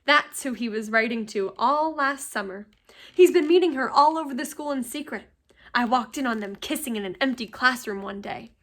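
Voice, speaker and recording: A cheerful young girl passes on a juicy bit of gossip in a chatty, confiding tone, read by a woman. The voice sits high and stays close to the reader's own. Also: expressive, moderate pace, fairly bright tone.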